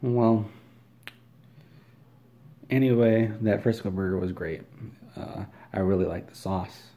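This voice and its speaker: Guy w a lowish gravelly voice rambling thru a silly deadpan story, totally matter of fact. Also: slow. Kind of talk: absurd deadpan comic storytelling.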